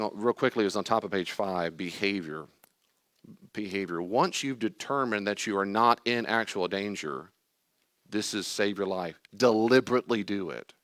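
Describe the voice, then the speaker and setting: An older man teaches a group about anxiety with plenty of emphasis. His voice sits a little low, and the sound is dry and close. He acts out worried questions and steady answers as he talks. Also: no room sound. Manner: emphatic, acts out anxious and calm inner voices. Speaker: teacher leading a class on anxiety. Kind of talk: lively teaching talk to a group.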